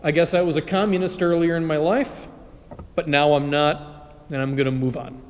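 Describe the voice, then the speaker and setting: A man's voice: a little high, fairly even intonation, normal speed, slight background noise, close to an everyday voice. A male priest voicing a tired ordinary man who brushes off each offer dryly, in a church. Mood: unimpressed. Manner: dry, dismissive. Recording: long church reverb.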